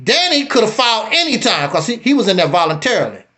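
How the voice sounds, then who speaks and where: A man telling his own story on a live stream, animated and repeating himself, then bluntly challenging the other speaker. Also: high-pitched, fast talker.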